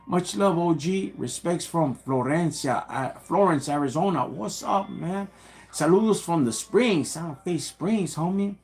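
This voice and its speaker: A man's voice: on the high side, measured pace, a little mellow. A middle-aged man with a Chicano English accent talks on a casual livestream, greeting viewers in laid-back street slang. He calls everyone "homie" and "dog" and drops Spanish words into his English. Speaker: livestream host. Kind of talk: casual livestream shout-outs and talk.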